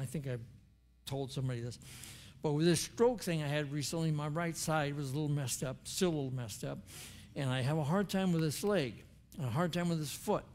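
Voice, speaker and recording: A man's voice: on the high side, a little mellow. Earnest older man preaching. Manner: earnest, conversational preaching with quoted prayers. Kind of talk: sermon. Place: church.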